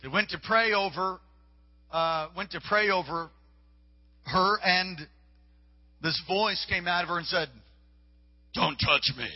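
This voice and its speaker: A man with a high voice preaches emphatically, driving his points home by repeating them. His voice rings through a large hall with a long echo. The recording sounds dull and lo-fi. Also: unhurried, long pauses. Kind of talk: live sermon. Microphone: stage microphone with monitor.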